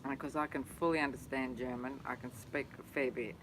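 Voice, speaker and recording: A man's voice: medium pitch, fairly even intonation, brisk, fairly bright tone, a little hiss or hum, poor audio. A man chatting casually beside the host, an easygoing storyteller who laughs along. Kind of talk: casual chat.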